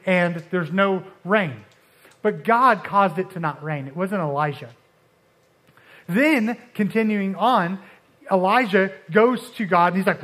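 A young man preaching a casual sermon, talking in a halting, conversational way with many restarts and fillers, and acting out Bible figures in quick asides. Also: high voice, a bit bright.

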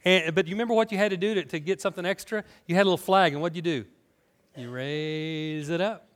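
An American man preaching a sermon in an animated, conversational way, full of rhetorical questions. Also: high voice, racing. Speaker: pastor.

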